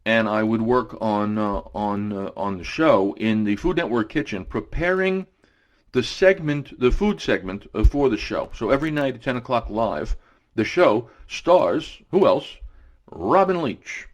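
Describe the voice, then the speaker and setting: A man's voice: on the low side, lively intonation, a little slow. Rambling man telling old stories. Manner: rambling, lots of "uh" fillers and restarts. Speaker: radio guest storyteller. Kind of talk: casual anecdote telling.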